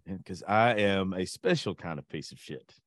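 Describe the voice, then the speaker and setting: A man's voice: low voice, normal speed, no room sound. A man, a podcast co-host in crude casual chat, telling boastful stories and acting out quotes. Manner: profane, boastful storytelling with animated quoting.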